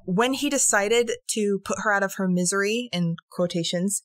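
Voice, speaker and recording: A woman's voice: medium pitch, a bit bright, no echo, clean studio sound. A woman co-hosting a true-crime podcast, telling the case casually, acting out quotes and swearing. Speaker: podcast co-host.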